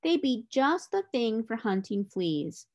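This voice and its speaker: A woman voicing a polite, quick-witted young boy explorer in a storybook, talking in an eager way. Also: on the high side, sing-song, darkish tone.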